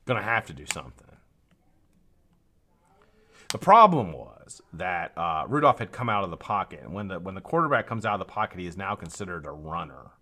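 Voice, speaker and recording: A man's voice: low-pitched, very animated, brisk, pushed and bright. A tired, yawning man hosting a live stream, rambling casually with frequent swearing and laughter.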